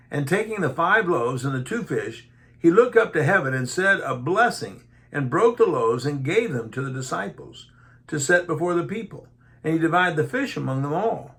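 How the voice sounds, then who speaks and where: A man preaching a Bible teaching sermon, reading verses aloud and then retelling them in folksy everyday speech, acting out the disciples' voices. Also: on the high side. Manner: animated, acts out the disciples' voices.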